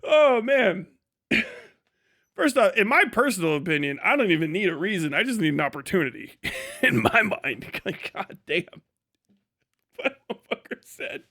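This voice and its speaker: A man streaming casual commentary, ranting in a profane, loud way and laughing often. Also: high-pitched, sing-song, measured pace.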